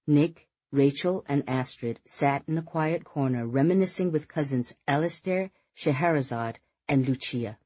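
A narrator reading a novel aloud in a measured, even storytelling manner. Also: medium pitch, slightly rough, no room sound, lo-fi sound. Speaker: audiobook narrator. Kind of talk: scripted audiobook narration.

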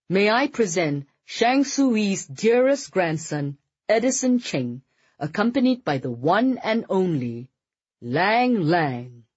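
A narrator voicing a pompous male reverend who booms his announcement too close to the microphone. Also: slightly rough, no echo, dull audio, full character voice. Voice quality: booming, too close to the mic. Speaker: officiant at a memorial service.

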